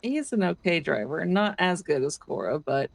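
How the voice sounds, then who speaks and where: A woman's voice: on the low side, sing-song, moderate pace, creaky, no room sound. A woman in casual role-play chat, mostly giving short reactions. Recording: dry close sound.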